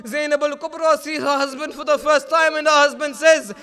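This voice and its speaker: A man preaching a mourning sermon, narrating with passion and rising to shouts at its peaks. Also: extremely high pitch, fairly even intonation, a little fast.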